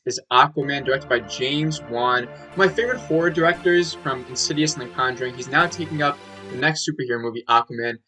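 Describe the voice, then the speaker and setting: Young male reviewer, bright forward tone, loose rambling delivery with frequent filler and cursing. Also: mid-range voice, poor audio. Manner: rambling, heavy "like" filler, swearing. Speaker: movie reviewer. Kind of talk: casual review monologue.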